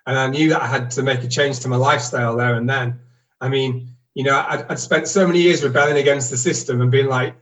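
Candid man telling his story, halting. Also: mid-range voice, fairly even intonation, fairly bright tone, recorded from a distance, dull audio. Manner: halting, candid, self-deprecating. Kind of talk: casual reflective storytelling.

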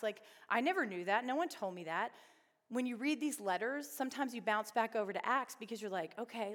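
A woman teaches a Bible study group in a relaxed, conversational way. She keeps checking in with her listeners through quick questions. Her voice sits at a middle pitch and carries a long reverb from a large hall. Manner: chatty, asks the group questions.

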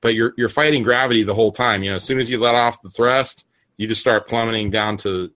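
A man's voice: medium pitch, steady tone, quick pace, fairly bright tone, no room sound. A man hosting a casual podcast chat, rambling with frequent restarts and fillers. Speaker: podcast host.

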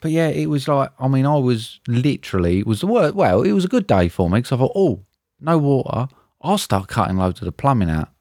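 A man's voice: medium pitch, fairly quick, no room sound, studio quality. A man co-hosting a podcast, telling stories in casual banter and swearing freely. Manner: banter-heavy, swears freely, lively storytelling. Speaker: podcast co-host. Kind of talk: casual chat.

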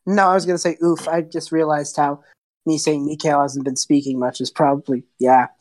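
A woman narrating a tabletop game as its game master. Her voice sits on the low side, and she talks in a chatty, apologetic way. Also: fairly even intonation, a little fast, a little mellow.

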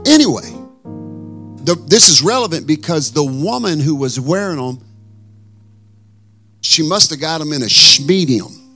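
A male pastor preaching a sermon with animated, blunt storytelling and emphatic asides. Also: on the high side, a little slow, pauses often, faint music behind.

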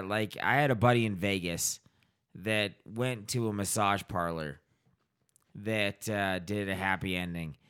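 A man with a slightly low voice talking in an easygoing, unfiltered way. He swears freely and slips into quick acted-out voices while telling stories. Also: smooth. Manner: profane, animated storytelling with acted-out voices. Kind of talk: casual chat.

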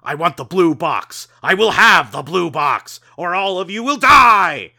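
A man voicing a commanding alien warlord who shouts slow, drawn-out threats. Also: sits high, very animated, gravelly, voice pushed up, heavily acted. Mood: menacing.

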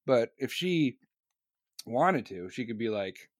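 A man streaming live, chatting casually and profanely to his audience, excitable and laughing between remarks. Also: mid-range voice, fairly quick, no echo, studio quality.

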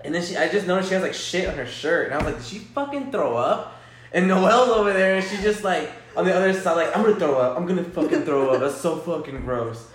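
A man's voice: sits high, fast talker, slight background noise. A man telling stories in casual chat, swearing a lot and acting out what people said. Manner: profane, animated, acts out quotes. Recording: roomy echo.

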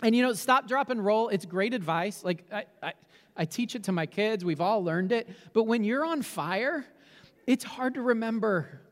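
High-voiced pastor in a reverberant church. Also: male voice, animated, moderate pace. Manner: earnest, with frequent repeated words and restarts. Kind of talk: prayer and sermon. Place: church sanctuary with candles behind him.

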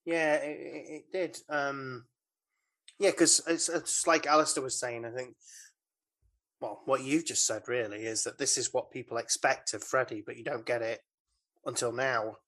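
A woman's voice: very deep voice, fairly even intonation, normal speed, a bit bright. A woman, casually recapping a film as a podcast co-host, rambling and giggly with many fillers. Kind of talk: casual chat.

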